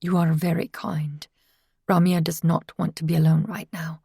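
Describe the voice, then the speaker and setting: A woman's voice: deep voice, flat delivery, gravelly, mellow, husky, no room sound, clean studio sound, heavily acted. A woman voicing a courteous, formal husband on the phone who speaks with a slight British accent. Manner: formal, measured, polite.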